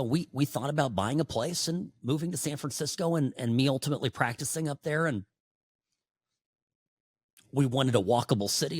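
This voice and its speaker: A middle-aged man hosts a talk radio show, delivering an opinionated, sarcastic monologue that swings from loud outbursts to hushed asides. His voice sits at medium pitch, and the studio-quality recording has no room sound.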